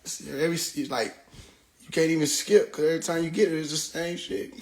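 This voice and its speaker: High-voiced man laughing through stream commentary. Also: fairly even intonation, normal speed, pauses often. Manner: laughing often, loose and profane, sings along. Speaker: livestreamer reacting to songs. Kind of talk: casual live-stream commentary. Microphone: phone live stream.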